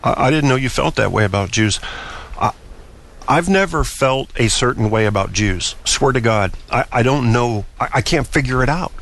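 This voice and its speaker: A man hosting his own talk show, opinionated and rambling as he thinks aloud. He often stumbles and restarts his sentences, and his voice sits at an ordinary middle pitch. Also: animated, normal speed, gravelly, a bit bright. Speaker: podcast host. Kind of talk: solo talk-show monologue.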